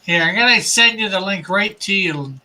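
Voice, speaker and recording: A man's voice: sits high, moderate pace, pushed and bright, slight background noise, rough recording. A man hosting a casual comics livestream, explaining things in a rambling way with fillers and restarts.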